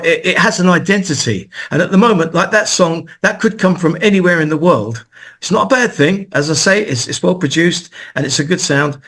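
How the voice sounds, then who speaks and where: A man on a radio panel giving measured, conversational, constructive criticism as a record producer. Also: sits high, a bit bright.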